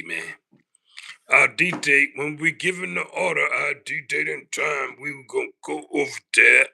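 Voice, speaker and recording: A man's voice: mid-range voice, pushed and bright. A man hosting a livestream, ranting in a loose, mocking way and tagging his lines with "man" and "boy". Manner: mocking, repetitive, slangy, keeps saying "man" and "boy". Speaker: livestream host. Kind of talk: casual ranting monologue.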